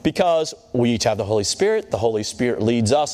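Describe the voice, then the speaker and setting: Male preacher, sermon, chatty, checks in often, slightly high voice, reverberant hall. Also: big pitch swings, brisk, hardly any pauses, darkish tone. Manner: conversational, checks in with "Okay?".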